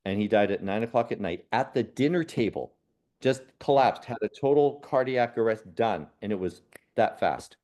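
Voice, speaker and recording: A man, a spiritual medium and podcast guest, telling personal stories in an earnest, unhurried way. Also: lowish voice, lively intonation. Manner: earnest, unhurried, with soft laughs and restarts. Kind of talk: reflective personal storytelling in a podcast conversation.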